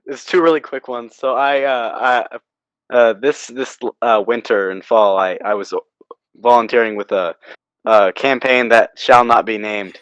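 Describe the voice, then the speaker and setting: A young man from Oklahoma, in his late teens, telling stories on a casual podcast, halting and restarting, then getting animated. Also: medium pitch, clear, resonant tone, dry recording, rough recording. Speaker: podcast co-host.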